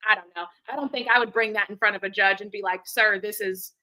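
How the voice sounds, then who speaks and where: A woman co-hosting a casual livestream chat from home, rambling and animated. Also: mid-range voice, fast talker, low-quality recording. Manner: rambling, animated, talks to her dog. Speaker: co-host. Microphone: headphones with computer mic.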